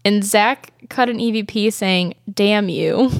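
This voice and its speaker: A woman's voice: medium pitch, takes it slowly, vocal fry, dry recording. Young woman, podcast host, casual chat, giggly, rambling, dry close sound. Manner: giggly, rambling, many fillers. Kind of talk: casual chat recapping a ghost show.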